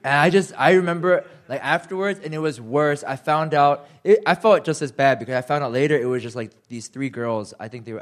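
A young man preaching a sermon, animated and self-deprecating, acting out quotes with sudden jumps in pitch. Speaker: pastor.

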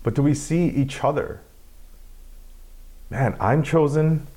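A man's voice: fairly high pitch, takes it slowly, mellow. Conversational male pastor preaching. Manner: conversational, self-deprecating, many restarts. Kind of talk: sermon.

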